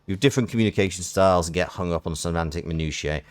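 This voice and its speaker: A man streams a game and reads its text aloud, chatting wryly and often interrupting himself in casual live commentary. His low-pitched voice races along with few pauses, recorded dry on a close desk microphone.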